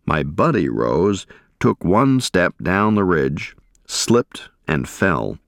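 Deep-voiced man narrating a war memoir. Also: very animated, slow, gravelly, no echo, clean studio sound. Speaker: audiobook narrator. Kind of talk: first-person memoir narration.

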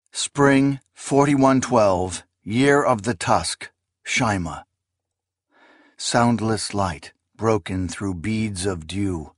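A man reading fantasy narration aloud in a solemn, deliberate manner. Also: on the low side, no room sound, studio quality. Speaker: audiobook narrator.

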